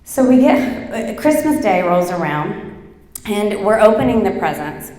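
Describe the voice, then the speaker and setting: A middle-aged woman giving a motivational workshop talk, telling stories in an animated, chatty way with lots of fillers. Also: mid-range voice, a little slow. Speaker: workshop speaker. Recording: echoey hall.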